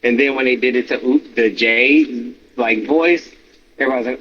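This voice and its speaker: Animated swearing man on a podcast. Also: normal speed. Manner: animated, swearing, acts out reactions in high yelps. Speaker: podcast co-host. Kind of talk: casual wrestling chat. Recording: slightly dull with faint noise.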